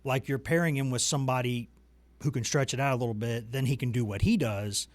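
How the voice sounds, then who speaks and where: Male sports talk host, mid pitch, dry close studio mic, loose rambling delivery with jokes at his own expense. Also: a little fast, no echo. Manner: chatty, rambling, self-deprecating humor. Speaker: sports reporter and show host. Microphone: desk microphone.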